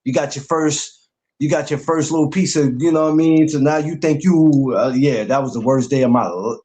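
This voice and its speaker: A man's voice: fairly high pitch, moderate pace, warm tone. A man hosting a podcast, chatting in a blunt, laid-back way. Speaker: podcast host. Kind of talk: casual chat.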